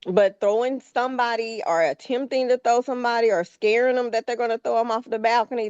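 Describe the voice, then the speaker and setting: A woman's voice: a little high, steady tone, fairly quick, few pauses, darkish tone, clean tone, dry recording, lo-fi sound. A woman co-hosting a podcast, giving frank, opinionated takes in informal casual chat. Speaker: podcast co-host.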